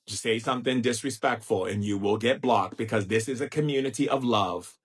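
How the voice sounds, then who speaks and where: A man's voice: medium pitch, brisk, husky. A middle-aged man talking on a live stream in a sassy, playful way, teasing his listeners with endearments and mimicking stiff, droning speakers. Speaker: spiritual teacher hosting a live stream. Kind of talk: casual live-stream monologue.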